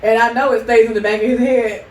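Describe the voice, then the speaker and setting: A woman's voice: on the high side, fast. Laughing storyteller woman, roomy sound. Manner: animated storytelling with frequent laughter. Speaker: podcast co-host. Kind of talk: casual couple chat. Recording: roomy, distant mic, faint noise.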